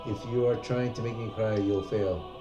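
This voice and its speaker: A man's voice: lowish voice, steady tone, moderate pace, echoey room, distant mic, highs cut off, music in the background, close to an everyday voice. A man reading as a spirited young woman. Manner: reads game text aloud in a plain voice.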